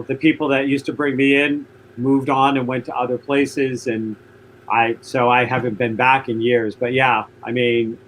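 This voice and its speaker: A man's voice: mid-range voice, fairly bright tone, slight background noise, rough recording. A man hosting a talk show, speaking earnestly and enthusiastically, often repeating his phrases. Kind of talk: radio interview chat.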